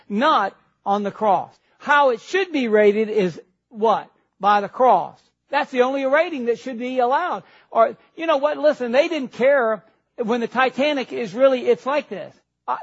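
A middle-aged male pastor with a high voice preaches in an animated, self-mocking way and calls on the congregation to answer back. The recording sounds dull and lo-fi. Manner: animated, self-deprecating preaching with call-and-response. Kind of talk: sermon.

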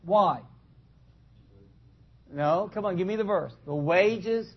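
A man with a very high voice preaches slowly and deliberately to his congregation. He talks to them directly, throws questions at them and acts out small scenes as he goes. The sound is dull and lo-fi. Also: husky. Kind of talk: conversational sermon. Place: church in front of a congregation.

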